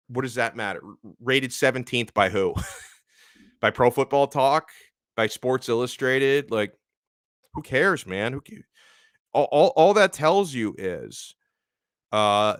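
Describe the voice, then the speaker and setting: A man hosting a live sports talk stream, animatedly reading viewer chats and giving shout-outs. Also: medium pitch, no echo, studio quality. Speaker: sports show host.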